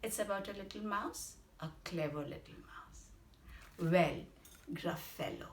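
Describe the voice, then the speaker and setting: A woman with an Indian English accent telling a bedtime story to children, animated and explanatory. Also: medium pitch, unhurried, a little hiss or hum. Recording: roomy echo.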